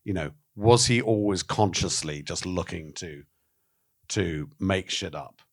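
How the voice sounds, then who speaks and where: A man's voice: deep voice, unhurried. A man being interviewed about his film, talking frankly and animatedly, with swearing and acted-out quotes. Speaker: documentary filmmaker, interviewee. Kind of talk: candid interview talk.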